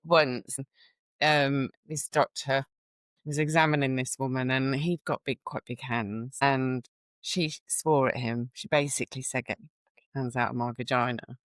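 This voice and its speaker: A woman's voice: a bass voice, steady tone, a little slow, no room sound, studio quality. A woman, a midwife speaking bluntly in casual podcast chat. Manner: blunt, indignant storytelling.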